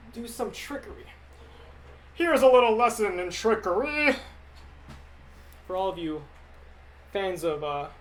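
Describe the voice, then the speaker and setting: A man's voice: high voice, gravelly. Young man chatting on a livestream. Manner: rambling, reads viewer questions aloud and answers them. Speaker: livestreaming animator. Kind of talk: casual livestream chat. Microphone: desk mic that clips when loud.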